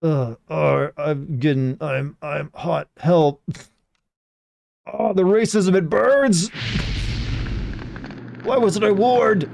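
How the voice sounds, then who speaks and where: A man's voice: flat delivery, slow pace, gravelly, few pauses, a little mellow, no room sound, full character voice. Man putting on a shrieking burning man. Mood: panicked. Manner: shrill, overwrought and mock-tragic.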